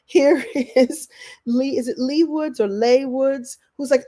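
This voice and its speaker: A woman coach talking to her audience in a live online masterclass. She chats and answers questions in an animated way, often laughing and acting out what people say. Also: sits high, takes it slowly. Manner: chatty, animated, acts out quoted voices. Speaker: life coach and speaker.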